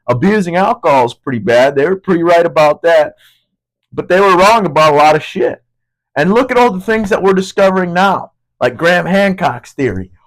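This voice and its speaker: Profane, rambling high-voiced young man. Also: low-quality recording. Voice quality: voice cracking. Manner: profane, rambling, searching for words. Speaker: podcast host. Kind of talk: casual monologue.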